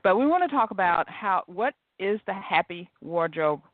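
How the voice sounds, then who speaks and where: A woman's voice: mid-range voice, expressive, normal speed, dry recording. A woman hosting a podcast interview, bubbly and chatty. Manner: bubbly, chatty, laughs easily. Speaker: host. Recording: dry, tinny phone-line audio.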